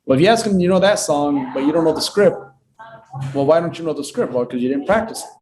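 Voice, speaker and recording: A man's voice: a little high, expressive, fast, a little mellow. A man from Lebanon, a real estate agent, telling stories animatedly and repeating points for emphasis. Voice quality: acts out dialogue, repeats himself for emphasis. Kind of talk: animated storytelling on a call.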